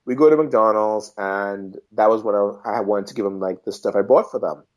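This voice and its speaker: A man from Trinidad and Tobago, a podcast guest telling animated travel anecdotes and acting out the people he met. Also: lowish voice, normal speed. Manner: animated, acts out quoted voices. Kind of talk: casual storytelling chat.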